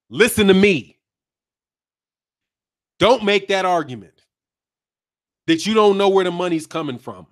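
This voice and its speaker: Chatty high-voiced man on a boxing stream. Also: normal speed, pauses often. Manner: animated, chatty, laughs often, talks straight to viewers. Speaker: boxing channel host. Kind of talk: live-stream boxing commentary.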